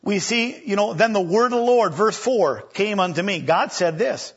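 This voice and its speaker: A man preaching an animated sermon, acting out scripture voices and stammering for effect. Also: sits high, normal speed, slightly rough. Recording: dull lo-fi recording.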